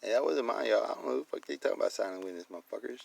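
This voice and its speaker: A man ranting casually on a livestream, swearing constantly, then slowly reading legal text aloud. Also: mid-range voice, lively intonation, creaky, a little mellow, slightly rough, low-quality recording. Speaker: video maker showing his documents. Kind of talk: casual profane livestream rant.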